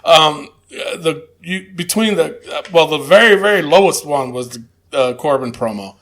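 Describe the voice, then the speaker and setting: A man with a fairly high voice and a gravelly, creaky edge, co-hosting a casual wrestling podcast. He talks in a loose, laughing way, pausing on fillers as he rates the shows. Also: lively intonation, fairly bright tone. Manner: laid-back, laughs often, hesitant with fillers. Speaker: podcast co-host.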